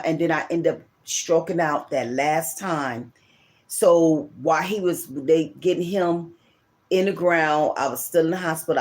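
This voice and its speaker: A woman's voice: sits low, a little mellow. Middle-aged woman telling her own story, emotional, rambly, keeps repeating herself. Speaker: tarot reader and channel host. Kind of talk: personal storytelling to camera.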